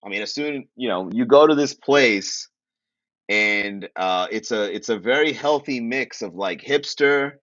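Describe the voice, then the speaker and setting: A man's voice: medium pitch, unhurried, fairly bright tone, dry recording, lo-fi sound. A man from Miami hosting a casual comedy livestream, joking and chatting with viewers, laughing at his own jokes. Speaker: comedy podcast host.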